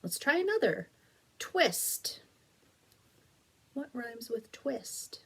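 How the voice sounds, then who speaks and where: Slow, husky-voiced woman teacher. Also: a little high, big pitch swings. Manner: patient, encouraging, stretches and sounds out words. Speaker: elementary school teacher. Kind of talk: slow, clear phonics lesson video for children.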